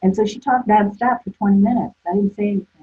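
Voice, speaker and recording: A woman's voice: medium pitch, fairly even intonation, fast talker, dark tone, husky. A woman therapist guest telling stories in a rambling way, full of restarts. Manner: rambling, with many restarts and fillers. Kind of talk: conversational storytelling. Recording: tinny phone-like line.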